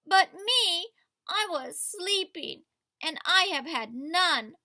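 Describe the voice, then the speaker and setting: A sulky storybook bear, just woken and grumbling about missing his sleep, read aloud by a woman. He complains slowly in a high, bright voice. Each word is drawn out. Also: lively intonation, no room sound, heavily acted.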